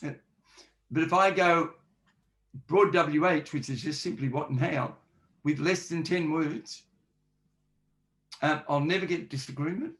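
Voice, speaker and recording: A man's voice: a little high, unhurried, pauses often, a bit bright. A man speaking as a forensic linguist in a podcast interview, explaining point by point and acting out example questions. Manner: explanatory, lists examples and acts out sample questions.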